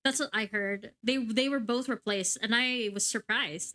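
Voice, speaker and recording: A young woman livestreaming a game, chatting excitedly and swearing casually at her gear. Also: on the high side, moderate pace, hardly any pauses, a little hiss or hum. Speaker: VTuber streamer.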